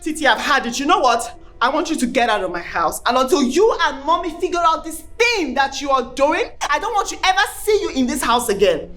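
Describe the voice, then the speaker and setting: An actress with a Nigerian accent playing a grieving young pregnant wife who erupts into shouting fury. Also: female voice, high-pitched, very animated, brisk. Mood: furious. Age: young adult. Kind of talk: film acting.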